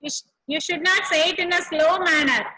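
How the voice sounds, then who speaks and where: A middle-aged woman with an Indian English accent, an English trainer teaching children in an online class, speaking slowly and repeating her instructions with care. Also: very high voice, bright, forceful tone, poor audio. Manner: slow, carefully enunciated teacher talk, repeating instructions.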